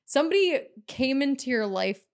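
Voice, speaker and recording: A woman's voice: high-pitched, moderate pace. Casual-talking woman host. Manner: relaxed, many "like" fillers. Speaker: podcast host. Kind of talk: casual interview chat.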